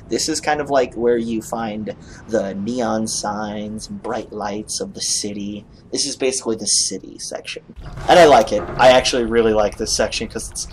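A man playing a video game and commentating casually, excitable and swearing often. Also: on the low side, slight background noise. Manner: profane, excitable, laughing often. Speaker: gamer. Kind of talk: let's-play commentary.

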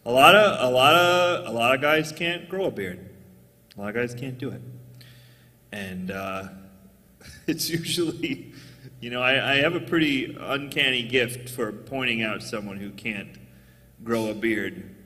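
Male stand-up comedian, bright voice, animated pitch, jokey, jumps into squeaky voices, long reverb of a live venue. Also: measured pace.

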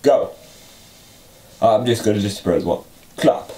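A man's voice: fairly low pitch, expressive, unhurried, warm tone, far from the mic. A man voicing a muddled, forgetful male rabbit puppet who stammers and trails into filler sounds in a homemade puppet comedy.

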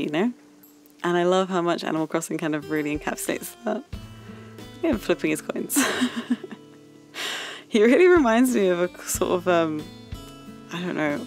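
A young woman hosting a gaming channel, chatting casually over her gameplay in a bubbly, gushing way with frequent giggles. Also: lowish voice.

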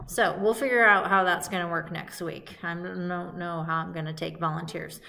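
A woman's voice: fairly low pitch, fairly even intonation, moderate pace, vocal fry. A woman teaching a music lesson to young children in a cheerful, sing-song call-and-response way, recorded at home.

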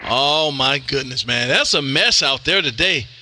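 A man from Texas with a Texan accent, working ham radio contacts on a live stream in a loud, folksy way, tossing "man" into most lines. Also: medium pitch, animated, unhurried, noisy background.

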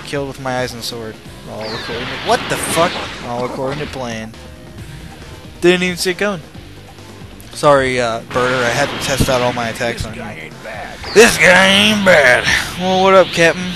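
Excitable man over loud game music. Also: mid-range voice, a little fast. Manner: excitable, swears, rambles and jokes while playing. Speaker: let's play host. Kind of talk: casual gameplay commentary.

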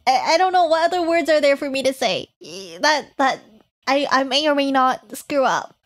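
A woman's voice: high voice, normal speed, close to an everyday voice. A woman streamer putting on a cutesy uwu baby-talk voice, giggling and stumbling over words as she reads to chat. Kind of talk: live stream chat in a put-on voice.

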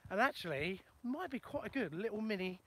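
A man's voice: high voice, animated, a little fast, sharp tone, a little hiss or hum. A plumber chatting casually on a live video while he walks across a field, joking about himself and answering viewers' questions. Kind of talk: casual live-stream chat while walking. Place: outdoors in a ploughed field in the countryside. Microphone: phone for a live video.

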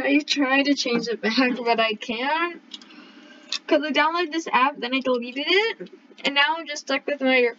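A playful woman hosting a casual gaming video, joking and plugging her channel. Her voice is high and bright. The recording is dull and lo-fi. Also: slight background noise. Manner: playful, joking, self-promoting. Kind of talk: casual gameplay chat.

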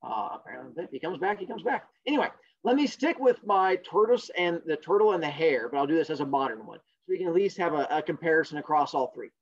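Jokey, animated male teacher. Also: a little high, fast talker. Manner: jokey, animated, sarcastic asides. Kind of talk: online class storytelling. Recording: dull lo-fi sound.

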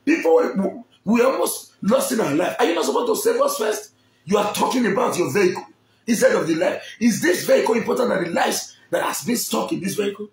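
A man's voice: sits high, very animated, brisk, echoey room. A man with a Nigerian accent telling a personal story in a dramatic way, acting out the people he quotes.

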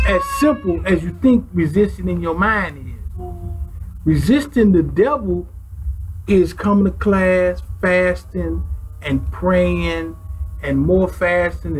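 A man with a high voice preaches to a class in loose street talk. He is animated and fills his teaching with vivid illustrations and sound effects. A faint noise sits under the recording. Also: low-quality recording.

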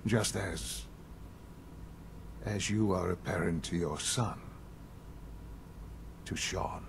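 Game voice: a measured elderly leader, very low voice, gravelly texture. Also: male voice, noisy background, exaggerated voice. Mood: solemn. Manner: measured, composed, explanatory. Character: calm elderly male leader of a secret institute. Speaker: game character.

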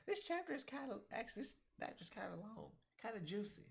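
A man giving casual reaction commentary on a webcomic chapter, talking in an animated, slangy way and laughing often. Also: sits high, fast, gravelly, hardly any pauses.

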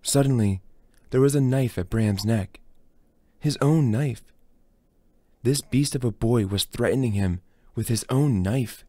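A man reading a novel aloud as a steady, dramatic storybook narration. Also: medium pitch, a little slow, pauses often, dry recording. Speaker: audiobook reader.

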